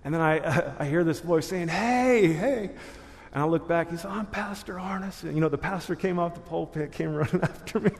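A man's voice: a little high, fairly even intonation, fast talker, hardly any pauses. A man giving a church testimony in a loose, casual storytelling way, full of slang and laughing at himself. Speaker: guest speaker sharing testimony. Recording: long hall reverb.

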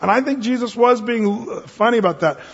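A man's voice: very high voice, fairly quick, breathy edge. A man preaching a sermon as pastor, in a conversational, joking way. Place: church sanctuary. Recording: reverberant hall, dull lo-fi sound.

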